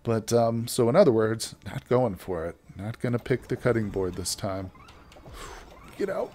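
A man's voice: fairly low pitch, moderate pace, darkish tone. A man giving casual, chatty gameplay commentary as a let's play host, joking with his viewers as he plays.

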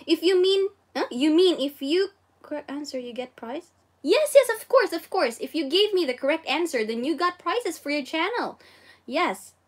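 A bubbly host with a Filipino accent runs a casual Japanese lesson on livestream, often exclaiming and giggling while reading viewer comments, and she switches between languages. She speaks at a moderate pace in a high, very animated voice.

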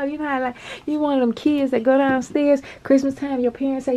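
Excitable chatty woman with a higher voice. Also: normal speed. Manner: chatty, excitable, calls viewers girl and y'all, laughs often. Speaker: nail art vlogger. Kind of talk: casual unboxing chat to camera.

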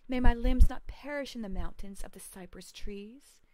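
A woman's voice: on the high side, normal speed, mellow, no room sound, pitched above the performer's own voice, natural voice. A woman reading the part of a sick, lost young male hero who solemnly pleads with the gods in prayer. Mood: pleading prayer.

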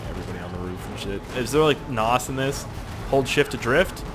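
A young man giving let's play commentary, excitable and profane, yelling at the game. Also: mid-range voice, moderate pace, noisy background. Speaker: gaming youtuber.

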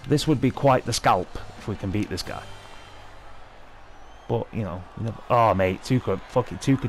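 A young man giving excitable, sweary live commentary over his own hockey video game match. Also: fairly low pitch, moderate pace, long pauses, soft background music. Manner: sweary, excitable, talking at the screen. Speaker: gaming video host.

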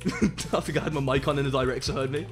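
A young English man live-streaming a video game, excitable and loud, swearing and chatting to his viewers. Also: mid-range voice, fast talker. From England. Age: young adult. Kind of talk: live gaming commentary. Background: game music.

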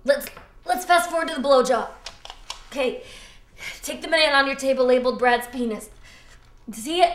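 A woman's voice: high-pitched, moderate pace, pauses often, echoey room, natural voice. An actress playing a bossy, crude young woman who drills herself in a comedy short film. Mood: instructing.

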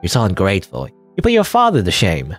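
A man's voice: on the low side, wildly swooping pitch, a little fast, soft background music. A man voicing a hysterical, abusive middle-aged mother who scolds shrilly and begs through tears in a game. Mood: scolding.

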